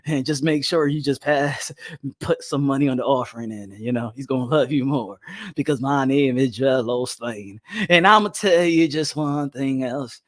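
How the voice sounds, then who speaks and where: A man voicing a mellow, soft-spoken male TV preacher in a mock sermon, slow and soothing. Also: medium pitch, no room sound, studio quality, voice pushed down, natural voice.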